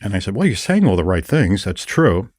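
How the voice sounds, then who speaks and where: An older man hosting a podcast, chatting casually and retelling his encounters with lively storytelling. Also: on the low side, fairly quick, no room sound, studio quality. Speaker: podcast host. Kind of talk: casual conversation.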